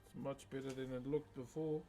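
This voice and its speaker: A man's voice: medium pitch, level tone, a little fast, warm tone, faint music behind. A man chatting casually to viewers on a live stream while he carves wood, easygoing and talkative. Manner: easygoing, chatty, addresses viewers as guys and bro.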